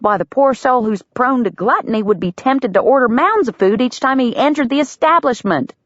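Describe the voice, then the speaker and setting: A spirited young frontier woman with a quick-witted, indignant way of arguing, her voice leaping up and down in pitch, as a woman narrator plays her. The recording is dry and somewhat dull. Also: lively intonation, dry recording, natural voice.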